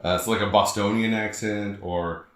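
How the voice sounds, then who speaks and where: A man's voice: on the low side, fairly even intonation, normal speed, fairly bright tone, echoey room. A man from the Southern United States, co-hosting a podcast in casual chat, rambling and trailing off into fillers. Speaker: podcast co-host.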